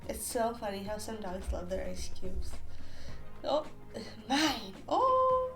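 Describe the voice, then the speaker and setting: A woman's voice: on the high side, sing-song, slow, vocal fry, pauses often, fairly bright tone, faint music behind. A woman hosting a reaction video, exclaiming, laughing and cooing at funny animal clips in casual commentary. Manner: exclaims often, laughs a lot, coos at animals.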